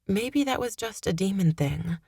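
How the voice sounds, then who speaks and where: A woman reading first-person fantasy narration in a steady, measured way. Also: medium pitch, breathy edge, no echo, studio quality. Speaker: audiobook narrator.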